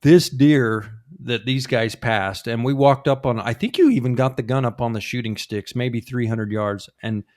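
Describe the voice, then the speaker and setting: A man's voice: mid-range voice, fairly even intonation, moderate pace, few pauses, darkish tone, dry recording, clean studio sound. A man hosting a podcast, swapping hunting stories in casual chat, laughing as he goes. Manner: storytelling, laughs often. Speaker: podcast host.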